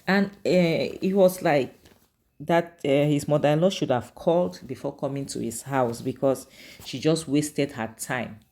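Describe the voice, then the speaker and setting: A woman's voice: deep voice, unhurried, warm tone. A woman, casually recapping and reviewing a drama series in a chatty, opinionated way. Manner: chatty, opinionated, frequent "like" and "you know".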